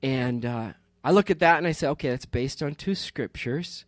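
A pastor in his fifties gives casual pulpit talk in a medium-pitched voice at normal speed, recorded dry. His manner is rambling and good-humored, with frequent laughs and restarted sentences.

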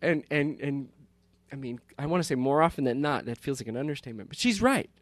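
Chatty pastor with a dry close sound. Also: male voice, medium pitch, very animated, racing, no room sound. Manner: rambling and warm-humored, with many restarts and laughs. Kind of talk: casual talk from the pulpit.

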